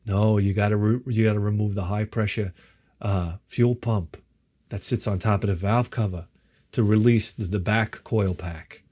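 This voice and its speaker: A man's voice: on the low side, fairly even intonation, moderate pace, mellow. A middle-aged man, telling a story in a wry, exasperated and profane way. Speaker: vlogger.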